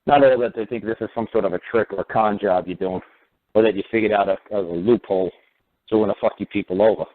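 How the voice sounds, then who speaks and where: A man's voice: fairly low pitch, fast. A man hosting a radio talk show, rambling and profane, who keeps repeating "you know what". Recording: narrow phone-like radio audio.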